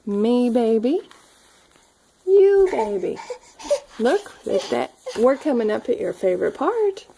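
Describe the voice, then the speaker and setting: A mother at home reading a picture book aloud to her toddler, gently coaxing and prompting the child along. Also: a little high, big pitch swings, moderate pace, gravelly, hardly any pauses, background noise.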